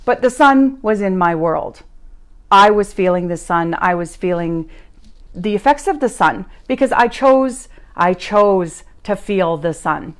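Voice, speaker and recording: A woman gives an upbeat motivational talk over a live stream. Her pitch sits in a middle range. She tells stories and comes back to her main points again and again. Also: lively intonation, unhurried. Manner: upbeat, repeats key phrases for emphasis. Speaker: podcast host and life coach. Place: live stream recorded at home.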